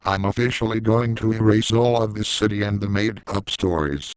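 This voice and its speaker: A man's voice: fairly low pitch, moderate pace, clean tone, no room sound, lightly acted. A man voicing a little girl who has turned into an eraser supervillain, with cold, taunting threats. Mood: menacing.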